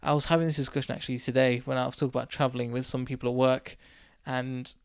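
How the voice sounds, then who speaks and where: A man from England, hosting a casual solo podcast and telling a rambling story while his voice is going hoarse. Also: mid-range voice, fast, no echo, clean studio sound. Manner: rambling, animated anecdote with acted quotes. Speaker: podcast host.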